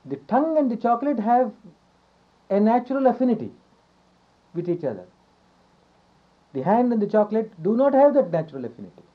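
A man giving a yoga philosophy lecture, repeating his phrases, asking rhetorical questions and chuckling softly now and then. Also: high-pitched, big pitch swings, a little fast, pauses often. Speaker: yoga teacher. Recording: dull lo-fi recording.

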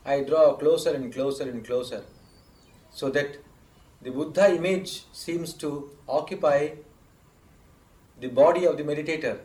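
A man teaching meditation to an audience in a measured storytelling manner, checking in with listeners as he goes. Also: fairly high pitch, a little mellow. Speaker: spiritual teacher. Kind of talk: meditation talk. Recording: roomy echo.

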